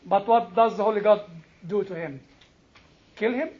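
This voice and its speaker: A male preacher giving an animated sermon, questioning his congregation, exclaiming and laughing as he teaches. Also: sits high, moderate pace, highs cut off.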